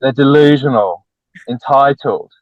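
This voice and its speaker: A man speaking as a relationship coach guest on a podcast, lecturing bluntly and forcefully, with lots of repetition. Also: medium pitch, unhurried. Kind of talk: podcast interview. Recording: tinny phone-like dry line.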